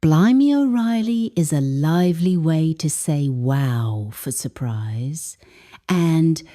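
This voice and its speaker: A woman reading a scripted lesson narration as an English teacher, explaining phrases deliberately. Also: sits low, mellow.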